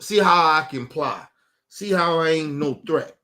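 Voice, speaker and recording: A man hosting his own online show delivers a blunt, profanity-heavy rant, talking straight to his viewers. His voice sits a little higher than most men's, and he hammers his points by repeating them insistently. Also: unhurried, pushed and bright. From Baltimore. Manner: emphatic, blunt, cursing, repeats himself; addresses viewers directly, urging them.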